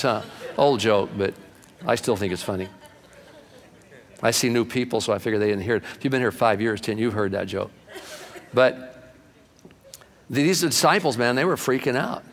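A man's voice: mid-range voice, a bit bright, long reverb tail. Folksy older male preacher. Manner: folksy storytelling, building to fervent preaching. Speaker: pastor. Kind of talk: sermon.

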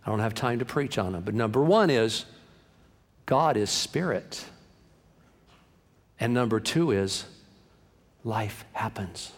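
A man preaching a sermon as pastor, impassioned, swinging between hushed and loud passages. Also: lowish voice, animated, slow, long pauses. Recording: long hall reverb.

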